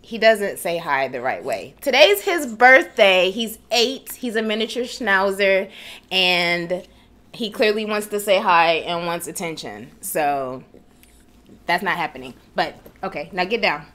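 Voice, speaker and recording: A woman's voice: expressive, a little slow, fairly bright tone. A woman hosting a casual live Q&A at home, giving direct, chatty advice. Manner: chatty, direct, acts out quoted people in higher voices. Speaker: wedding planning host.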